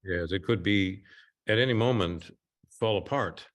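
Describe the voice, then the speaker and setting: A man working as a therapist, guiding a client through a slow, soothing body-awareness exercise. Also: fairly low pitch, fairly bright tone. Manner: slow, soothing guided instructions. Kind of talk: guided therapy session.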